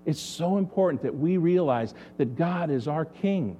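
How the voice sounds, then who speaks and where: A man's voice: fairly high pitch, expressive, measured pace, mellow, slight background noise. A man preaching a sermon as pastor, asking the congregation rhetorical questions.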